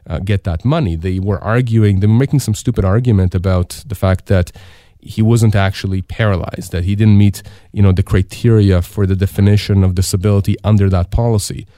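A man's voice: fairly low pitch, steady tone, brisk, warm tone, no echo, clean studio sound. A middle-aged man, a lawyer from Canada, giving emphatic advice on a radio talk show and asking himself questions to drive points home. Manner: emphatic, repeats rhetorical questions. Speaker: disability insurance lawyer, guest.

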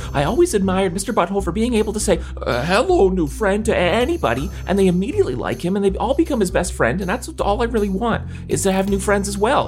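A woman's voice: medium pitch, a little mellow. A woman voicing a shy, lonely character who lives in a castle, stammering eagerly through an ad read. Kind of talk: reading an ad in character.

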